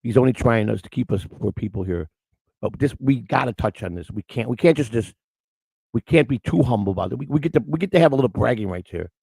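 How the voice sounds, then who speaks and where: Gravelly older man rambling fast. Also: medium pitch, darkish tone, no echo. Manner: rambling storyteller with many restarts. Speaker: morning show host. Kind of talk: casual rambling chat.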